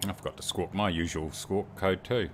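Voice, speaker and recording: A man's voice: deep voice, fairly even intonation, moderate pace, a little hiss or hum. A New Zealand man livestreaming a flight sim, chatting in a rambling, joking, self-mocking way. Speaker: streamer. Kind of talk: casual livestream chat while flying a sim.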